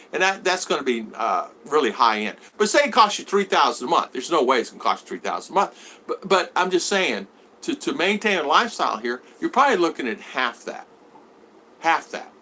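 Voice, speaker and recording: Animated bright-voiced male vlogger. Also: brisk. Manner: animated, acts out both sides of conversations in a higher voice. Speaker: vlogger answering live chat. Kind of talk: rambling live-stream chat.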